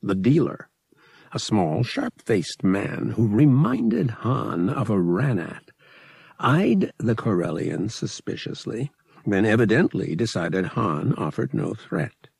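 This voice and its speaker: A man reading an audiobook in an expressive, measured scripted narration. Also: on the low side, creaky, slightly rough, no echo.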